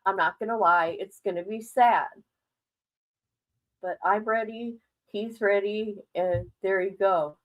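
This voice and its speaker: A middle-aged woman chats frankly to her viewers on a casual livestream. She is blunt, holds nothing back and laughs often between remarks. Her voice sits at a moderate pitch for a woman. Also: steady tone, unhurried, rough recording. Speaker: livestream host.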